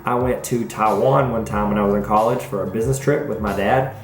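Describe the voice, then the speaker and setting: A man's voice: lowish voice, brisk. A young man hosting a casual vlog, goofy and self-mocking as he chats to viewers. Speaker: vlog host. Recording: roomy echoey recording.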